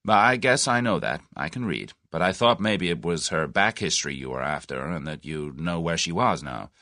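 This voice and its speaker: A man's voice: low voice, expressive, moderate pace, no room sound, studio quality, full character voice. A man voicing a brash, impatient young American man who talks bluntly. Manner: blunt, forceful.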